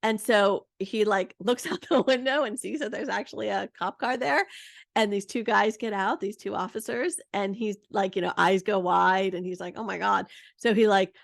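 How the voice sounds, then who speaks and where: A woman in her thirties hosting a podcast, telling a story in a chatty, lively way. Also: mid-range voice, moderate pace, gravelly, no echo, studio quality. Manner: chatty, lively, full of "like" and "you know". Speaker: podcast host. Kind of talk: casual storytelling monologue.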